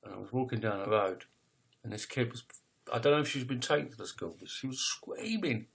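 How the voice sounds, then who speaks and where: A man in his fifties, a poet telling his own life story as a personal confession, speaking raw and emotional with halting restarts and blunt swearing. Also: medium pitch, gravelly, a bit bright, breathy edge. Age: 50s.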